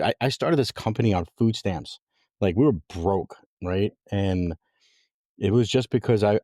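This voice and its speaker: A man's voice: low voice, darkish tone, no echo, clean studio sound. Passionate, rambling man, company founder. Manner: passionate, rambling, many restarts. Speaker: company founder and CEO, guest. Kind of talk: casual interview chat.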